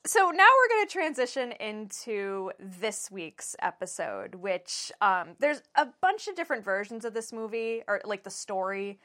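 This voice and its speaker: A woman in her thirties co-hosting a casual podcast, animated and blunt, swearing and laughing often. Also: medium pitch, a little slow, hardly any pauses. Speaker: podcast co-host. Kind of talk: casual chat.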